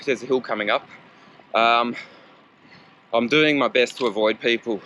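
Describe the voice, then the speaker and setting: A man's voice: medium pitch, steady tone, normal speed, long pauses, pushed and bright, low-quality recording. Chatty man vlogging on a bike. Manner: chatty, rambling, self-deprecating. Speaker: cycling vlogger. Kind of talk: casual talk to camera while riding. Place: outdoors on a road bike in traffic. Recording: wind noise over a bike-mounted camera.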